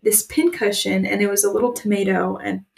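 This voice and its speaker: A woman's voice: mid-range voice, fairly even intonation, fairly quick, gravelly. A young woman co-hosting a podcast, candidly telling a personal story in casual chat. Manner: candid, emotional storytelling with frequent "like" fillers. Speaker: podcast co-host.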